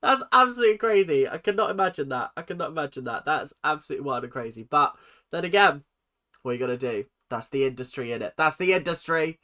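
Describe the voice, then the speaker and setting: A British man chatting through a reaction video, his voice sitting a bit high and bright, and he keeps breaking into laughs and little impressions of the show. The commentary is loose and offhand, like a running chat with viewers. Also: animated, quick pace. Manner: chatty, laughing, mimicking lines.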